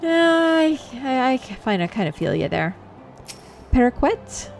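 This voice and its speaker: A woman's voice: mid-range voice, expressive, unhurried, gravelly, darkish tone, faint music behind. A woman giving casual gameplay commentary, chatting and reacting aloud between dialogue. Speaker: let's play streamer.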